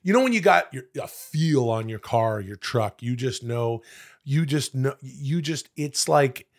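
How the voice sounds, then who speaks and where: A man from Canada co-hosting a podcast, telling a rambling story with lots of fillers and sudden bursts of excitement. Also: mid-range voice, measured pace. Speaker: podcast co-host. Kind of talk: casual chat.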